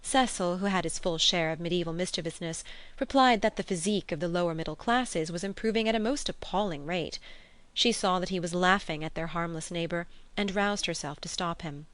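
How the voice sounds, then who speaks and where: A woman narrating a classic novel in a measured storytelling voice. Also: on the low side, fairly bright tone, dry recording. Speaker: audiobook narrator.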